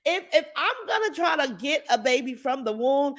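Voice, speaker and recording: A woman hosting a casual live stream, talking to viewers with lively exclamations. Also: high-pitched, normal speed. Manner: animated, exclaims and repeats, addresses viewers as y'all. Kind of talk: casual live-stream chat reading comments.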